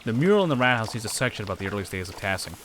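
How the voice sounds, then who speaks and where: A blunt, skeptical young woman painter, read by a man in a mostly plain voice with animated pitch. Lines are read aloud from a game's dialogue. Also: racing, background noise. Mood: curious.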